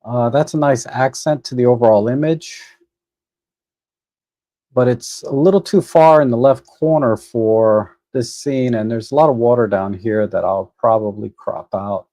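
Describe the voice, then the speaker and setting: Man, livestream host, casual, thinking aloud, mellow voice, dry close sound. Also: mid-range voice, measured pace, no room sound. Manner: relaxed, thinks aloud with fillers and restarts. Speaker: photo editing livestream host. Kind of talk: casual live stream commentary. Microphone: desk microphone.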